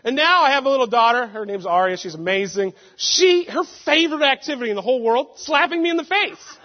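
Young male pastor, lively storytelling sermon, muffled recording. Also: very high voice, fast. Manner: animated, laughing storytelling with sudden loud outbursts. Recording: muffled sound with long hall reverb.

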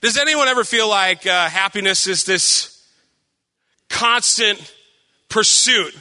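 A man's voice: high voice, normal speed, sharp tone. A young man preaching a casual sermon, chatty and joking, asking the congregation questions. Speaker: pastor. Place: church hall with long reverb. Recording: reverberant church hall.

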